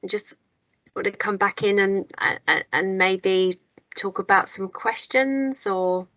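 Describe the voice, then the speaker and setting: A woman's voice: medium pitch, takes it slowly, a bit bright, no echo, dull audio. A woman hosting a panel discussion, speaking politely with many fillers. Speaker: panel host.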